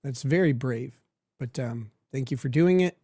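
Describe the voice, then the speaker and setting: A male livestream host with a medium-pitched, mellow, slightly rough voice speaks at a moderate pace with no echo. In casual commentary, he reads viewer messages and answers them with crude, sardonic jokes, laughing frequently.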